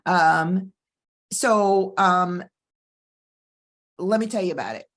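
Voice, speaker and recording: Middle-aged woman, divorce coach host, lower register, emphatic motivational delivery. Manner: emphatic, preacher-like cadence with slow stressed phrases. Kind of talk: motivational monologue and personal story.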